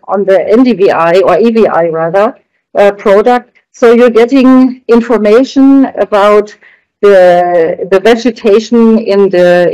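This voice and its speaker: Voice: medium pitch, mellow, dry recording, low-quality recording. A researcher giving a conference presentation, explaining graphs on slides in a hesitant, word-searching way.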